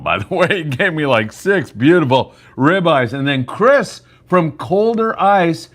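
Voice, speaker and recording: A man's voice: on the high side, lively intonation, measured pace, a bit bright. A man hosting a live sportfishing update from a landing, chatty and upbeat, with plenty of fillers as he rambles along. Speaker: fishing show host. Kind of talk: live fishing report.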